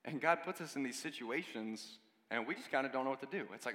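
A man's voice: mid-range voice, animated, fast, sharp tone. A man giving a conversational sermon, speaking to a congregation with casual asides and repeated words. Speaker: preacher. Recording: long hall reverb.

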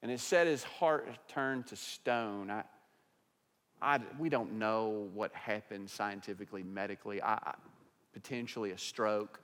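A male pastor preaching a sermon, animated, with big swings between loud passages and quiet ones. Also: on the low side, measured pace, clean tone, long reverb tail.

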